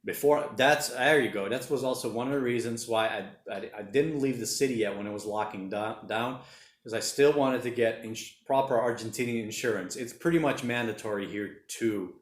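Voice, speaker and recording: A man's voice: mid-range voice, moderate pace. Chatty man in echoey room. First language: Portuguese. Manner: rambling, chatty, reads viewer comments aloud. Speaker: livestream host reading chat. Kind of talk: casual livestream chat. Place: home room during lockdown.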